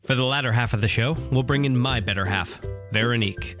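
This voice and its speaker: A man's voice: medium pitch, fairly quick, loud music behind the voice. A man hosting a comedy podcast, ranting with exasperation and then teasing his co-host in casual chat. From United States.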